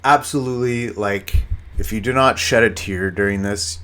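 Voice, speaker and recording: A man's voice: on the low side, moderate pace, a bit bright. A man hosting a casual solo podcast, rambling with many fillers and restarts and swearing often. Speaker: podcast host.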